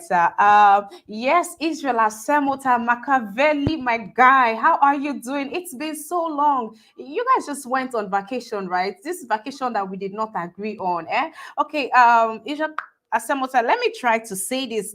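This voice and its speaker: A woman's voice: fairly high pitch, lively intonation, normal speed, fairly bright tone. A woman with a Nigerian accent hosting a live stream, chatting and greeting viewers by name. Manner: chatty, friendly, often laughing. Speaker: host. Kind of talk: live stream chat reading comments.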